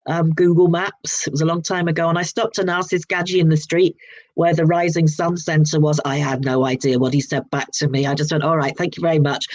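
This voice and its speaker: A woman in her sixties with a southern English accent, chatting as a guest author in a relaxed interview, rambling and restarting her sentences often. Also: on the low side. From southern England. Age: 60s. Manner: rambling, frequent restarts and repeated words. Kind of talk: casual interview chat.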